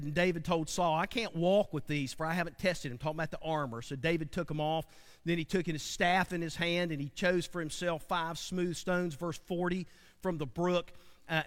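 Preacher guy, high voice, dramatic sermon, gets loud then real quiet. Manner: animated, dramatic, swings from loud to hushed. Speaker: pastor.

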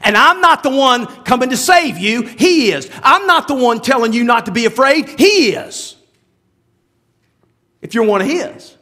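This pastor's voice is extremely high and sharp, with a sing-song, unhurried delivery. He preaches in a chatty manner, wandering into asides, starting over, and throwing rhetorical questions at the audience.

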